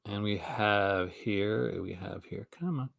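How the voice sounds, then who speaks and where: A man's voice: on the low side, takes it slowly, creaky, a bit bright, no echo, studio quality. A man with a Canadian accent, hosting a casual chat and rambling with frequent restarts. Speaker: host.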